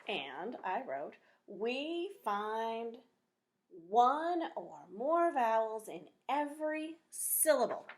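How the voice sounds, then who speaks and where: Woman, teacher, phonics lesson, slow clear delivery, encouraging, mid pitch. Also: a little hiss or hum. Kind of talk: recorded phonics lesson for young students.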